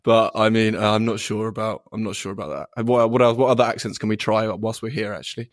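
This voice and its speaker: A man's voice: on the low side, steady tone, fast. British guy hosting a podcast on a video call, easygoing, laughs a lot, plays it safe. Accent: British English. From United Kingdom. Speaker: podcast host. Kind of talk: casual interview over a video call.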